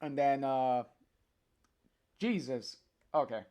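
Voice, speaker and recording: A livestreamer reads a comic aloud at an unhurried, drawn-out pace. The talk is hesitant and full of filler sounds. It breaks off for chatty asides to the viewers. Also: mid-range voice, warm tone. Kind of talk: reading a comic aloud on stream.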